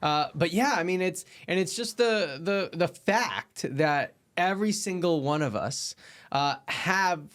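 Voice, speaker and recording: A man's voice: high voice, animated, unhurried, a bit bright. A man hosting a podcast, talking casually and encouragingly about acting confidence, sometimes acting out an inner voice. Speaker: podcast host.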